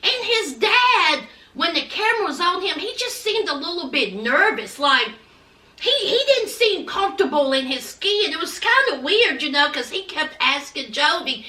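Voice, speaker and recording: A high-pitched woman gives a slow, chatty recap of a reality show, full of sass and asides to her viewers. She acts out what the people on the show said with big jumps in pitch and loudness. She sits a little away from the mic, and the room echoes. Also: sing-song, far from the mic. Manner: sassy and chatty, addressing viewers as y'all and honey; acts out quotes with big swings in pitch and volume. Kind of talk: casual recap commentary.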